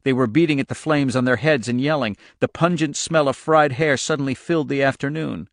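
A man narrates a novel in a steady, measured storytelling voice of middling pitch. The recording is close and completely dry, with a studio audiobook feel. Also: gravelly, dry recording. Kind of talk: scripted narration.

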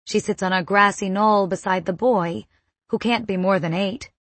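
A woman reading a first-person story aloud in a measured, vivid narration. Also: medium pitch, steady tone, a bit bright, dry recording. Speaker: audiobook narrator.

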